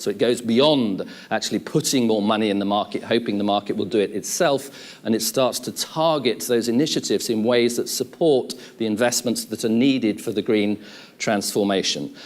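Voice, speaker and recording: Man, middle-aged, conference lecture, measured, list-like phrasing. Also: fairly low pitch. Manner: measured, lecturing with lists and restatements. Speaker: conference speaker. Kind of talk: academic conference talk.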